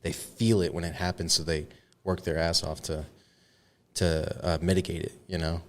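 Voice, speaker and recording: A man's voice: low voice, level tone, normal speed. A man hosting a podcast, asking questions in an easygoing way and laughing often. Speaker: podcast host. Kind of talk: casual podcast interview.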